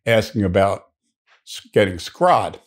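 A man's voice: lowish voice, lively intonation, a little slow. A man playing a confident young city businessman. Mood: breezy.

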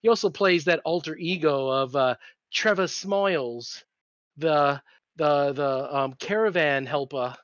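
A man's voice: a little high, measured pace, fairly bright tone, no echo. A man playing a tabletop game, joking and restarting his sentences as he talks over the others. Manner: joking, restless, many restarts. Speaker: player. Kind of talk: casual tabletop game chat. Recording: dull lo-fi sound, dry.

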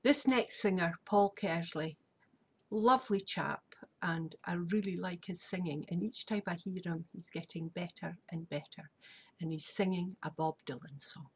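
A woman's voice: on the low side, moderate pace, breathy edge. A woman introducing the next act as host of a folk evening. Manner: friendly introductions.

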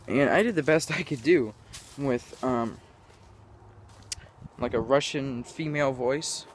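A young man vlogs outdoors in a casual, meandering way, laughing at himself and forgetting what he meant to say. His voice sits at an ordinary middle pitch for a man, recorded on a camera mic with faint noise and some outdoor ambience behind him. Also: slow, pauses often. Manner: scattered, self-mocking, laughs often. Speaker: vlogger. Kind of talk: rambling casual vlog. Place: outdoors in sunlight.

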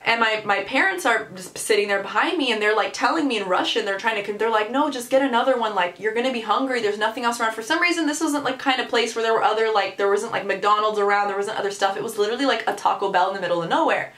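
Animated young woman telling a story. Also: mid-range voice, fast, few pauses. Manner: animated, exasperated storytelling with many "like"s. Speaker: vlogger. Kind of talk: storytime vlog. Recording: echoey room.

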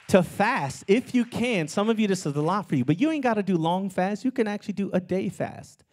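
A man preaching a sermon as pastor of his church, with animated delivery that climbs into shouts. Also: high voice. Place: church sanctuary.

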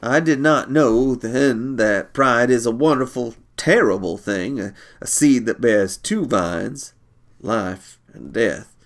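A man reading a short story aloud, measured and unhurried. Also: mid-range voice.

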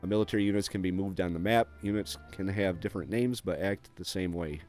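A man's voice: low voice, fast talker, a little mellow, soft background music. A man casually walking through a strategy game, reading on-screen text aloud with frequent fillers and dry offhand asides. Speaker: gameplay video host.

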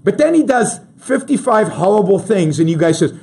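A man's voice: high voice, huge pitch swings, moderate pace, gravelly, warm tone, slightly rough. A man hosting a talk show, giving emphatic political commentary and addressing his listeners directly, often restarting his sentences.

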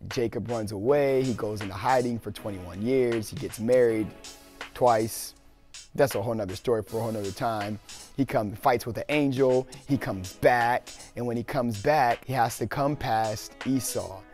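A man's voice: mid-range voice, moderate pace, a little mellow, faint music behind. A young man hosting a video and casually retelling an old story in a slangy, joking way. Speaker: video host.

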